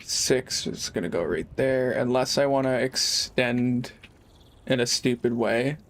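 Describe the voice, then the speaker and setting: A man's voice: mid-range voice, unhurried. A young man chatting casually while streaming a game, rambling and laid-back, swearing freely. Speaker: live streamer. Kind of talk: casual gaming livestream chat.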